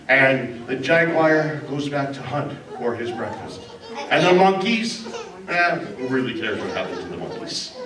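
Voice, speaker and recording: A man telling a story in a playful, dramatic way, adding sound effects. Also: medium pitch. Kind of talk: animated storytelling. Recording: roomy distant mic with background noise.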